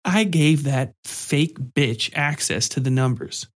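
Man doing a slow, slurring drunk office creep. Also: a little high. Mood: smug. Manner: slow, sloppy, drunken muttering. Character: drunk, crude, leering male office programmer.

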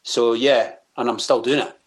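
A man's voice: mid-range voice, steady tone, normal speed. A Scottish man chatting casually as a guest, rambling and hesitant with many fillers, swearing freely and joking at his own expense. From Scotland. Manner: swears freely, self-mocking. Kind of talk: casual interview chat.

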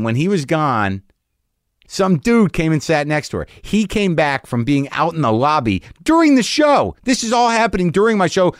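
A man, a comedian guest on a podcast interview, telling crude road stories in a profane, animated way. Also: on the high side, dry recording, studio quality.

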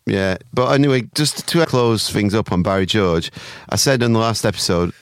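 A man's voice: lowish voice, moderate pace, clean tone, no room sound, clean studio sound. A man co-hosting a podcast in casual chat, blunt, sweary and jokey. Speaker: podcast co-host.

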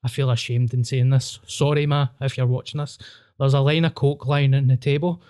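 A Scottish man with a Glaswegian accent, hosting a podcast and telling a wild story in an animated, sweary way, acting out voices. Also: medium pitch, brisk, clean tone. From Scotland. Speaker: podcast host. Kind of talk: casual storytelling chat.

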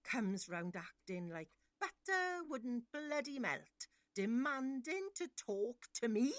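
A woman's voice: on the high side, sing-song, slow, no room sound, studio quality. A woman playing a furious grieving mother. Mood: enraged. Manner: shouting, tearful accusations. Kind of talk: audio drama acting.

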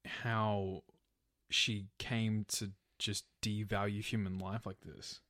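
A podcast co-host chatting casually, reacting with quick interjections and questions. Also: sits low, little pitch movement, a bit bright, no echo, clean studio sound.

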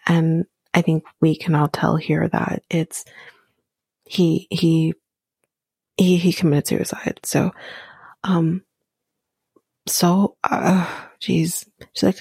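Woman, whispered ASMR recap, gravelly husky tone, halting delivery with ums. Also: on the low side, fairly even intonation, no echo. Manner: soft, halting, with frequent ums and small laughs. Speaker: reality show recapper.

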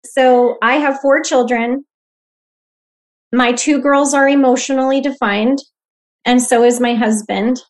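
Casting: woman in her thirties, slightly high voice, earnest podcast guest explaining her practice. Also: steady tone, measured pace, long pauses. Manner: earnest, warm reflective explaining. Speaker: human design guide, podcast guest. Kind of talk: podcast conversation.

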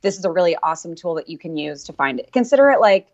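A woman's voice: lowish voice, lively intonation, very fast, a little mellow, no room sound, dull audio. A woman co-hosting a podcast, upbeat and casual, talking straight to listeners. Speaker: podcast co-host.

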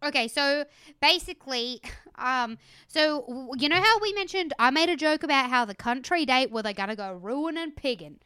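A woman's voice: high-pitched, lively intonation, pushed and bright, no room sound. A woman co-hosting a podcast in giggly, chatty casual conversation. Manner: giggly, chatty, quick to laugh. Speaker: podcast co-host. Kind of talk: casual chat.

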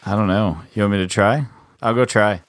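A man's voice: lowish voice, steady tone, fairly quick, no room sound, studio quality. A man co-hosting a casual podcast, teasing the others. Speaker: podcast co-host. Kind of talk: casual group chat.

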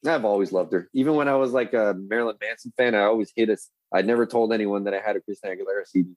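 A man's voice: on the low side, very fast, a little mellow, no echo, low-quality recording. Man, 30s, casual storytelling, profane, rambling, self-correcting, dry recording. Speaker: guest.

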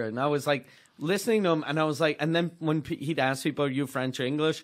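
A man's voice: fairly high pitch, fast talker, hardly any pauses. A middle-aged man, co-hosting a casual podcast and telling a rambling, profane story. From Quebec, Canada. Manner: rambling, profane, restarts often. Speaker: podcast co-host, comedian.

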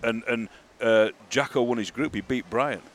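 A man's voice: medium pitch, normal speed, a little hiss or hum. A man co-hosting a podcast, rambling through his points and often checking whether he is understood. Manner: rambling, asks for agreement. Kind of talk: casual podcast chat.

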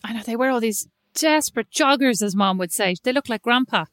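A middle-aged woman co-hosting a casual chat, telling animated stories and teasing her friend. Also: on the high side, fairly quick, no echo, studio quality. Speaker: podcast co-host.

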